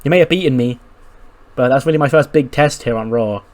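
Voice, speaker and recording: A man's voice: medium pitch, brisk, natural voice. A man voicing a determined young female wrestler, earnest and defiant.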